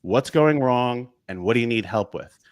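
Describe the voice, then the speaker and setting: A man from Long Island, New York, a business coach speaking as a guest on a talk show, who makes his points in quick lists of short phrases. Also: mid-range voice, expressive. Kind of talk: casual talk show conversation.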